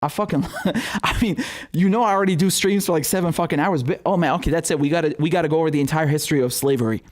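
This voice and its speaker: A man's voice: fairly high pitch, rapid-fire. Heated, profane male political commentator. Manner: heated, profane, sarcastic, laughing asides. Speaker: political commentary show host.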